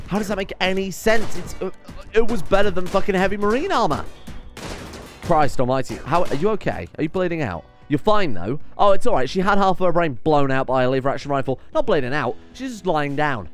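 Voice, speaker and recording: A man giving casual let's-play commentary, often exasperated, swearing and swinging loud when things go wrong. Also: a little high, animated, a little fast, faint music behind. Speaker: gaming commentator.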